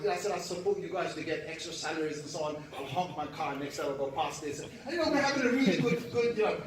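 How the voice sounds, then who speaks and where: A man giving an animated storytelling lecture, acting out voices and laughing at his own jokes. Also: fairly high pitch. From Britain. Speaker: Islamic lecturer. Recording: echoey hall, speaker far from the mic.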